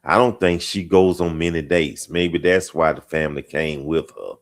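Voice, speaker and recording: A man's voice: a bass voice, fairly even intonation, normal speed. A male host chatting casually on a live stream, reading viewer comments aloud, drawing words out and repeating phrases. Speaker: host of a live chat show.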